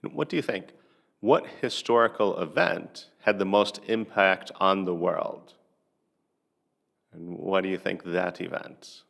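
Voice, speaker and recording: A man teaching a lesson, asking a listener practice conversation questions one at a time with steady pauses. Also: deep voice, gravelly. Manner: measured, pausing between questions. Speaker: English teacher.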